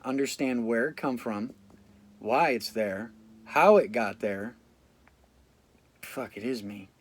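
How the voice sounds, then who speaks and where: A man in a casual video talking to camera, blunt, reflective and full of swearing, tired after staying up without sleep. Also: mid-range voice. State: fatigued after a sleep deprivation study. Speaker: vlogger.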